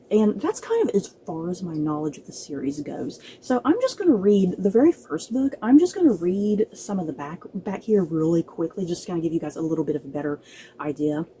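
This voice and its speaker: A woman's voice: lowish voice, mellow, slight background noise, low-quality recording. A woman chatting casually to her viewers as a book vlogger, out of breath, laughing often and restarting her words. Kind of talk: casual chat to camera.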